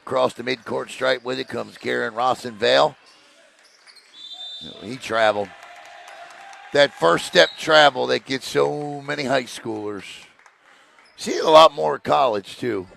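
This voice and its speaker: A man calling a high school basketball game play by play, excitable on big plays and joking between them. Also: a little slow, gravelly, pauses often, slight background noise. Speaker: play-by-play announcer. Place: gym broadcast position.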